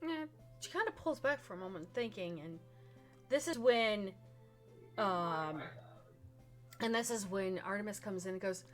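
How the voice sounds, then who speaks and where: A woman game master narrates a tabletop roleplaying session, describing scenes for her players. She tells the story in a casual, lively way at an ordinary middle pitch, with faint music playing behind her. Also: measured pace, pauses often.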